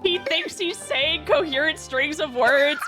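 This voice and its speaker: Giggly, animated young-sounding woman streamer. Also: high-pitched, a little slow, faint music behind. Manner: animated, giggly, acts out quotes. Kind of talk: casual storytelling chat.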